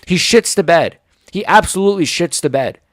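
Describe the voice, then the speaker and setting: Angry high-voiced man in his forties. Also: expressive, normal speed, no room sound, clean studio sound. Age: 40s. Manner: sarcastic, swearing, heated. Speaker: MMA commentator. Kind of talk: angry reaction rant.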